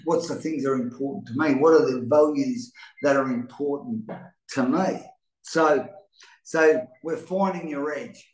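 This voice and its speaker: A middle-aged man hosting a live motivational talk, earnest and rambling, often restarting his words. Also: on the high side. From Australia. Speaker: host. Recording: roomy echo.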